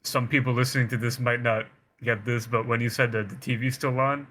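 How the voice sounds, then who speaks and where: A man co-hosting a casual podcast who chimes in with relaxed, chuckling asides. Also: medium pitch, a little fast, a little hiss or hum. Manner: laid-back, chuckling asides. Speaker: podcast co-host. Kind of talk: casual chat.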